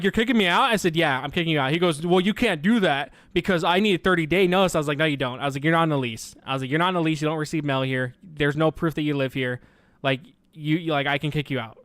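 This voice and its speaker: Smooth and free of room sound, a young male streamer's voice sits on the high side as he casually spins a story. He swears heavily and brings the quoted back-and-forth to life.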